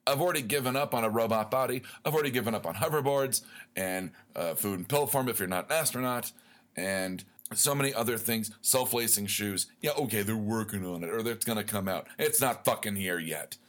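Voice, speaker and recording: Man, lowish voice, podcast host, profane comic rant, rambling and worked up. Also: a little fast, fairly bright tone. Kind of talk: comedic rant.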